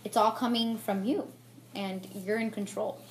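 A woman's voice: medium pitch, steady tone, a little slow, noisy background. Chatty young woman doing her makeup. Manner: candid, chatty and reflective, with many fillers and restarts. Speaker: beauty vlogger. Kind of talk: get-ready-with-me chat. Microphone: camera mic on a tripod.

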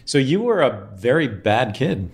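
A man's voice: medium pitch, sing-song, a little slow, a little hiss or hum. A man hosting a podcast interview, playfully teasing his guest in a casual chat. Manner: teasing, playful back-and-forth. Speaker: podcast host.

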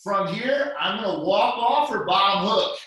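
A man's voice: high voice, measured pace. A man teaching a jiu-jitsu class, walking students through moves step by step and calling them guys. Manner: steady step-by-step coaching, addresses students as guys. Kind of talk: live class instruction over video call. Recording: echoey room, voice from far off.

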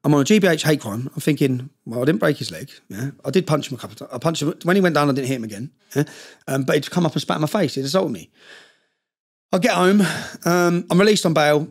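A man's voice: a little high, lively intonation, quick pace. A man, a podcast guest telling a long story in casual conversation, emphatic and fond of tag questions like "yeah?".

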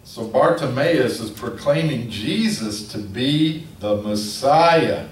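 Slow-preaching man in an echoey hall. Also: mid-range voice. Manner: animated storytelling preacher. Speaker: pastor. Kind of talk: sermon. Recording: echoey room from a distance, faint noise.

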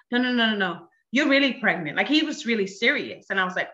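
A woman in her thirties, a guest sharing her personal testimony, telling her story with animated quoted dialogue. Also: medium pitch, fairly quick, reverberant, muffled recording.

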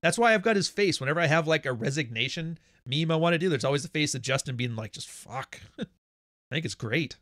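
A man's voice: fairly high pitch, quick pace, hardly any pauses, no echo, clean studio sound. Blunt, profane male livestream host. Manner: blunt, profane, animated storytelling. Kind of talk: casual livestream monologue.

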